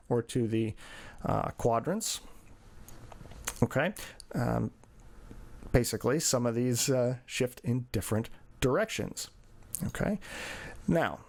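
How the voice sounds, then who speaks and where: A man with a gravelly, fry-touched voice at a middle pitch, walking through data charts like a coach in a lesson. He explains step by step and fills the pauses with "uh" and "okay". His delivery is casual and unscripted. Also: darkish tone. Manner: explanatory, filler-heavy, talking through on-screen charts. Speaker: cycling coach. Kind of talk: screen-share training lesson.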